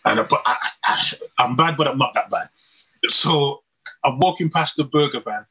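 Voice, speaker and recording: A man's voice: mid-range voice, normal speed, sharp tone, breathy edge. A man preaching a sermon, telling a personal testimony in an earnest storytelling way with rhetorical questions. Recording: dull lo-fi recording.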